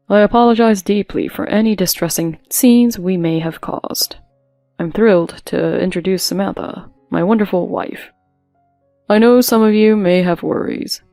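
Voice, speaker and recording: A woman's voice: lowish voice, gravelly, no room sound. A woman voicing a composed, polite young groom who stands firm. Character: calm, resolute young groom. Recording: dry with soft music behind.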